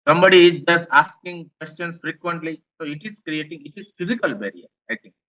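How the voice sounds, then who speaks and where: A man's voice: a little high, fairly quick, fairly bright tone, muffled recording. A man with an Indian English accent giving a classroom lecture, explaining points and repeating them. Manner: repetitive, explanatory, rephrases points.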